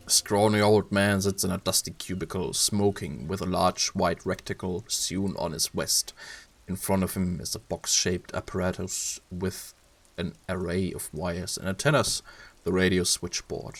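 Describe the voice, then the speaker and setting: A man's voice: sits low, level tone, normal speed. A man with a German accent, streaming and reading a video game's narration aloud. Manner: narrating plainly, voices characters.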